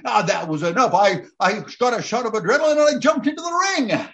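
A man telling a lively personal anecdote, building up to excited shouting at its peak. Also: high voice, fast, muffled recording. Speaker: storyteller.

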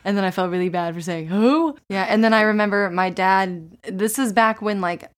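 A woman's voice: medium pitch, steady tone, a little fast. A young woman co-hosting a casual podcast, chatty and giggly, telling stories with playful voices. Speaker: co-host.

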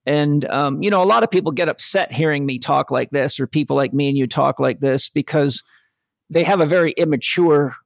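A man's voice: fairly high pitch, gravelly, no echo. A man speaking earnestly and reflectively on a spiritual podcast. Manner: earnest, reflective, quotes sayings.

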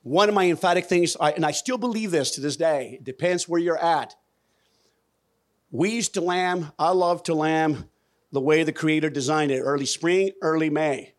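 A man with a slightly higher-than-average voice speaks from a conference stage into a microphone. He talks in a folksy, emphatic way and keeps putting questions to the audience. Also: moderate pace. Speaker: conference speaker on regenerative farming. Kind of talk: lively stage presentation.

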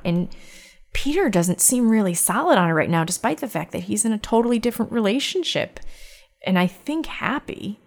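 Her voice sits in the middle range with a lively intonation as she shares something personal in conversation. The telling is frank and thoughtful, broken by frequent pauses, restarts and repeated words.

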